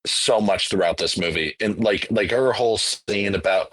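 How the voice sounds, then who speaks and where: A man's voice: lowish voice, fairly even intonation, unhurried, hardly any pauses, a bit bright, no echo. A man co-hosting a podcast, giving enthusiastic, emphatic opinions about films in casual chat. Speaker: podcast co-host. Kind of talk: casual film discussion.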